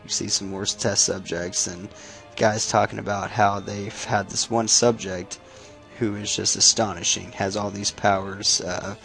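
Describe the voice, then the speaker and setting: A man's voice: on the low side, little pitch movement, a little slow, vocal fry, a bit bright, faint music behind. A man casually retelling a comic book's plot, swearing freely and restarting his sentences. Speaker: comic book recap YouTuber. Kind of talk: casual spoken comic recap.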